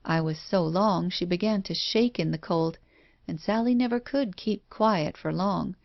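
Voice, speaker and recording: A woman reading a first-person horror story in a measured, even way. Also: fairly low pitch, gravelly, no echo. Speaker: audiobook narrator. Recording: dull dry lo-fi recording.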